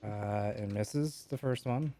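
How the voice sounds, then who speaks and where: A young man running a tabletop game as game master, relaxed and hesitant, with many fillers. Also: lowish voice, slow pace.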